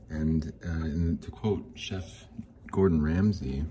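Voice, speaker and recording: A man's voice: extremely low pitch, a little slow, warm tone, slight background noise, poor audio. A young man hosting a solo podcast, rambling in a jokey, self-deprecating way. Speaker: podcast host.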